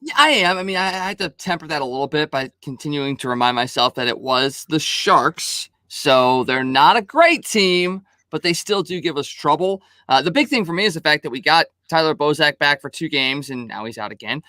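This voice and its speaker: Bright-voiced male co-host, measured. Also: fairly high pitch, lively intonation, dry recording, studio quality. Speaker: podcast co-host. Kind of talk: casual podcast chat.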